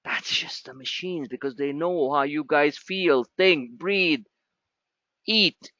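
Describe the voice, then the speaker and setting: A man's voice: on the high side, slow, sharp tone, no room sound, highs cut off. A man teaching a live trading class in a blunt, sarcastic, scolding way. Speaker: trading educator.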